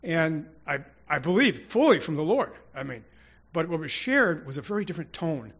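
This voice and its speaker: A man's voice: on the high side, big pitch swings, moderate pace, fairly bright tone, breathy edge, highs cut off. A man preaching an informal, rambling sermon to his congregation, with prayerful asides and restarts. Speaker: church speaker.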